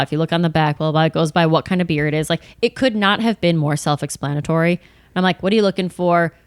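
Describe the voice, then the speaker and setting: A woman in her thirties chatting on a podcast, telling work stories in a lively way and acting out the people in them. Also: sits low, clean tone, no echo. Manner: animated storytelling, acts out bar customers and managers. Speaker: comedian guest. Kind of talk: casual podcast chat.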